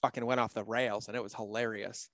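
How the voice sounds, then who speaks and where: A man talking casually on a podcast, blunt and animated, swearing freely and acting out his own quotes. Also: fast, no room sound. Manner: acts out his own quotes with big pitch jumps.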